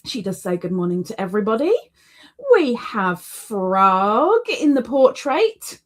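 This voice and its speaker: A woman's voice: mid-range voice, very animated, unhurried. A woman hosting a casual livestream, chatty and repeating words for emphasis. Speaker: livestream host.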